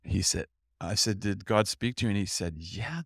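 A man's voice: fairly low pitch, fairly even intonation, brisk, vocal fry, fairly bright tone, no room sound, clean studio sound. A middle-aged man telling a story in a sermon at a youth Bible camp, acting out the quoted voices as he goes.

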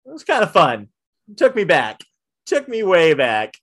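Animated man telling a work story. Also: high voice, normal speed. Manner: animated, drops to hushed asides when quoting himself. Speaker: theater manager telling a story. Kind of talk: casual storytelling chat.

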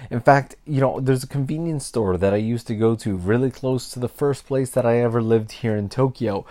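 This Canadian podcast host, speaking solo and casually, reflects candidly and regularly corrects himself partway through sentences. He has a darkish, mid-range voice.

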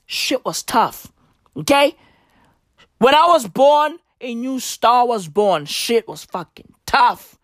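A woman's voice: a little high, animated, takes it slowly, no room sound. A woman doing a rambling, profane comic monologue in a slangy dude persona.

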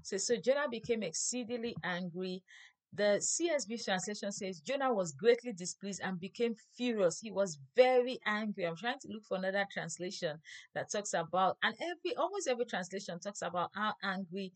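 A woman's voice: mid-range voice, expressive, fairly quick. A woman leading a Bible study, reading scripture aloud and explaining it plainly, sometimes correcting herself as she goes.

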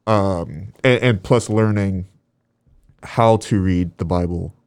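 A man in his twenties chatting as a guest, an animated storyteller who trails off softly at the ends of thoughts. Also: deep voice, takes it slowly, clear, resonant tone, no echo. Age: 20s. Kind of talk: casual faith chat.

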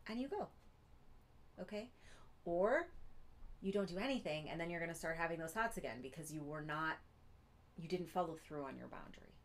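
A woman giving an earnest teaching talk, pausing often to check in with her listeners. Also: low-pitched, lively intonation, slight background noise. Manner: earnest, keeps checking in with "Okay?". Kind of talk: teaching monologue.

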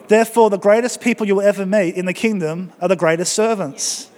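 A man preaches to his congregation with energy and humor, his voice high and lively. It rings through a church with a long reverb. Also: fast, hardly any pauses. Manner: energetic, joking, exhorting the congregation. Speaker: pastor. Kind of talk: sermon.

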